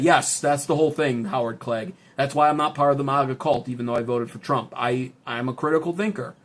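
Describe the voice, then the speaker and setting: A man's voice: mid-range voice, fairly quick, hardly any pauses, a bit bright. A man hosting a political livestream, reading chat and ranting in a profane, sarcastic, heated way. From United States. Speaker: political commentary streamer.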